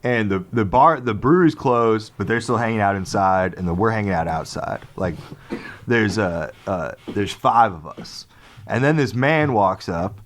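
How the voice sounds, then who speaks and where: A man's voice: fairly low pitch, normal speed, slight background noise. A man co-hosting a podcast, telling a story in casual comedic style, laughing often and acting out what people said. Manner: laughs often, animated, acts out quotes. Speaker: podcast co-host.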